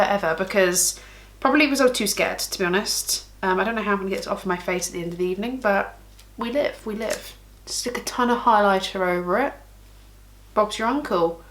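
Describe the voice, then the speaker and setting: A woman makeup vlogger chatting casually through a tutorial, giggly and thinking aloud as she works. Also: medium pitch.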